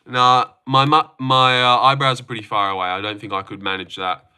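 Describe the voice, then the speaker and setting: A man's voice: mid-range voice, level tone, fairly quick, sharp tone, clear, resonant tone, soft background music. A young man hosting a casual live stream from his phone, joking, swearing now and then and answering chat comments.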